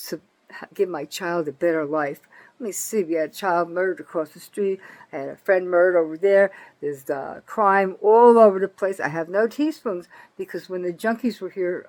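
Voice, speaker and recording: With poor audio, an angry older woman vlogger from North Jersey, USA, rants about politics to camera. Bitter and profane, she alternates between loud outbursts and low muttering.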